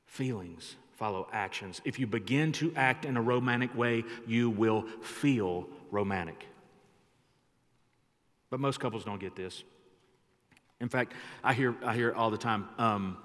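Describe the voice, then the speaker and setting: A man preaching a sermon as pastor, emphatic and shifting his loudness for effect, in a church sanctuary. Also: on the low side, measured pace. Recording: long church hall reverb.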